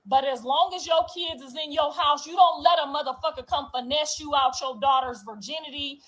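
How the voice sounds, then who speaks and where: A woman delivering a raw, profane, defiant confessional monologue, moving from low brooding to loud outbursts. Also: fairly quick, low-quality recording. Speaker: reality show cast member.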